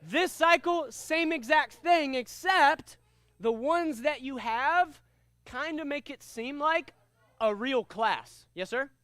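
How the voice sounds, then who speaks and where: A man teaching a kids' karate class, energetic and upbeat, leading commanding call-and-response drills. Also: very high-pitched, slow, dry recording. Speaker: karate instructor.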